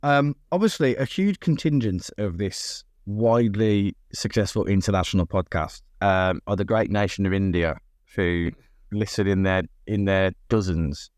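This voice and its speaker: A man with a Black Country accent and a somewhat low voice, chatting on a podcast with dry, mock-grand humor. His voice is picked up close in a dead, dry room with no echo. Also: normal speed, darkish tone. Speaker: podcast co-host. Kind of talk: casual chat.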